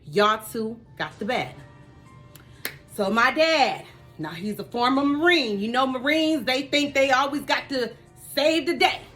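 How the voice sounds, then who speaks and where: A woman vlogger telling a family story in an animated, chatty way, talking straight to her viewers. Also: high-pitched, normal speed, faint music behind. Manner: lively, addresses viewers directly.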